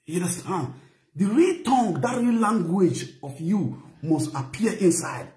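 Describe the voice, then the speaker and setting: A man's voice: high voice, very animated, measured pace, dark tone, reverberant. A man from Benin, Nigeria, speaking Nigerian Pidgin with a Benin accent, lecturing in a preachy, repetitive way and often checking "you understand?". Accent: Nigerian Pidgin, Benin (Edo). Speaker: commentator vlogger. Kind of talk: lecturing commentary.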